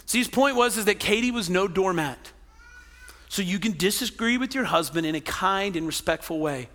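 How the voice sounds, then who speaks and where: High bright-voiced preacher in a hall. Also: male voice, expressive, normal speed. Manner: conversational, joking asides, tag questions. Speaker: pastor. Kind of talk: sermon. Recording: long hall reverb.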